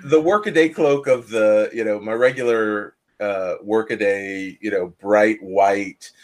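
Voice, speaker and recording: A man playing in a tabletop game, talking casually and haltingly, stopping often to search for words. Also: on the low side, steady tone. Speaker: player. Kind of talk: casual tabletop play chat.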